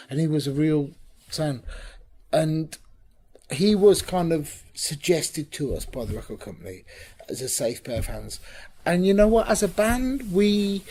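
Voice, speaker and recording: Male musician guest, husky voice, chatty anecdotal storyteller. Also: fairly high pitch. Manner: chatty storyteller, lively, drops to a whisper for emphasis. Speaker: bassist and drummer interviewed about his band. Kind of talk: casual anecdotal interview.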